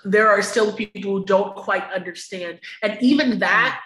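A woman's voice: mid-range voice, moderate pace, a bit bright, roomy sound, poor audio. A woman guest on a podcast, talking candidly and emphatically, laughing often and swearing freely. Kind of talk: candid conversational interview.

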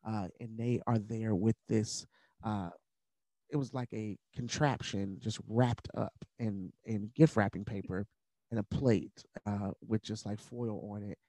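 Guy on a podcast talking through his story, kinda low voice, earnest and candid, dry close sound. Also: fairly even intonation, measured pace, dark tone, dry recording. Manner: earnest, candid, at times emotional; conversational with fillers like uh and like. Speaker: podcast guest. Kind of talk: personal storytelling in conversation.

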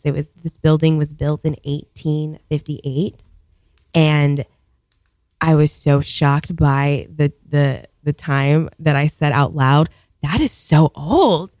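A thirties-aged woman from Virginia tells a long, funny story in a chatty, filler-heavy way. Her voice is low-pitched and warm, and the recording is dry.

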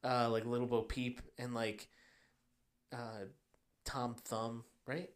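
A man's voice: mid-range voice, level tone, slow. A young man co-hosting a podcast in casual chat, easygoing, steering between topics. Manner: easygoing, runs the segments. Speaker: podcast co-host.

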